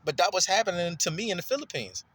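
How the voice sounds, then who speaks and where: A man rambling loosely through a casual, profane monologue, his voice jumping up when he gets worked up. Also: fast. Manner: loose and profane, jumps in pitch when excited. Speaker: vlogger.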